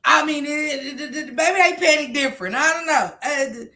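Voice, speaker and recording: A woman's voice: sits high, moderate pace, bright, forceful tone. A woman doing sassy casual live commentary, talking back to clips. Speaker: commentary streamer.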